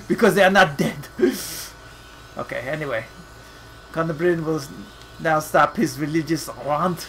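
A man hosting a let's play, joking, laughing often, swearing freely and ranting, sometimes reading game text aloud slowly and dramatically. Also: a little high, a bit bright, slight background noise, low-quality recording. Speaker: gaming channel host.

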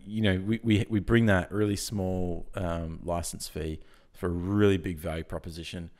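A man, croaky from the early hour, talking with energy as a podcast guest and often restarting his sentences. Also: deep voice, fairly even intonation, normal speed, a little mellow. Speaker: guest, software founder. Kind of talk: casual podcast interview.

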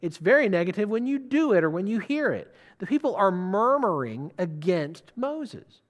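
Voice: medium pitch, sing-song, moderate pace. A preacher giving a sermon, putting questions to the listeners and stressing key words.

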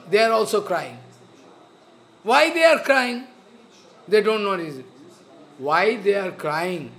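A man giving a spiritual sermon, slow and earnest, repeating his phrases. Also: sits high, fairly bright tone. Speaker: spiritual teacher.

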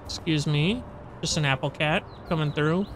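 A gamer giving casual running commentary over gameplay, chatty and swearing freely, with loud frustrated outbursts. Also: medium pitch, moderate pace, noisy background. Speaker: let's play gamer.

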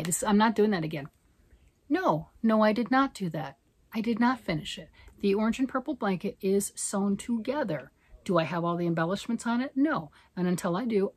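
A woman's voice: medium pitch, dry recording. A middle-aged woman hosting a knitting and crochet vlog, rambling casually, poking fun at herself and asking rhetorical questions. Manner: rambling, self-mocking, asks rhetorical questions. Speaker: knitting and crochet channel host.

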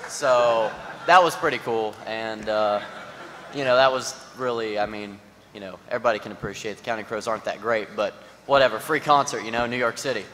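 A man's voice: on the low side, brisk, a bit bright. A man on a conference panel telling a casual, rambling anecdote full of fillers. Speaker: panel member. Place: large conference hall, live audience. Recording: large hall with long reverb, faint noise.

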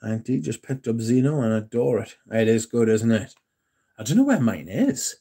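A man hosting a casual livestream, reading and answering chat in a relaxed, yawning way. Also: medium pitch, moderate pace, gravelly, slightly rough. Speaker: livestream host.

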